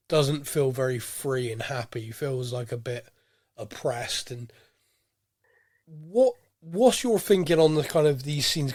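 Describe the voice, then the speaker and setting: A man's voice: mid-range voice, darkish tone, dry recording, clean studio sound. Man with a head cold. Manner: chatty, rambling with fillers. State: head cold, a bit nasal. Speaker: podcast host. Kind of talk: casual chat.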